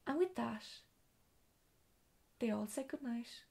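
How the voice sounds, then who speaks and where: A woman's voice: on the high side, a little slow, creaky, pauses often, a little mellow. A woman reading a children's storybook aloud, with occasional slips and self-corrections.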